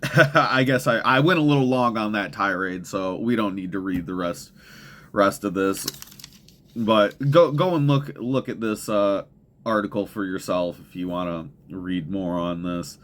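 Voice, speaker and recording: A man's voice: lowish voice, measured pace, fairly bright tone. Heated, profane young man ranting. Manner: profane, heated, rambling with restarts. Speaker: podcast host. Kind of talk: ranting commentary podcast.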